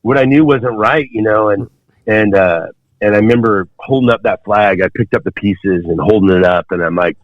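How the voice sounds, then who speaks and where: As a podcast guest, a man in his fifties with a lowish voice tells a long story in conversation, rambling through fillers and restarts at a moderate pace. The audio sounds dull and very dry.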